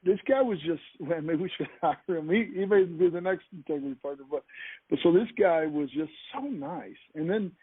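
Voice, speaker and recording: A man with a fairly high, slightly rough voice tells an anecdote with enthusiasm at a moderate pace, often restarting his sentences. He is a podcast speaker heard over a call line, and the audio is tinny and phone-like with no room sound.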